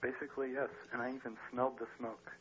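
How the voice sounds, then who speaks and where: A man's voice: mid-range voice, level tone, fast talker, highs cut off, a crowd in the background. A man calling in to a radio show, telling his story matter-of-factly and laughing now and then. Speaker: caller.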